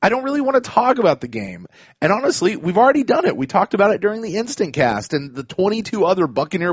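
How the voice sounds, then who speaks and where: A man's voice: fairly high pitch, husky, dry recording, dull audio. A man hosting a casual sports podcast, chatty and full of restarts. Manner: chatty, many restarts and fillers. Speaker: podcast host.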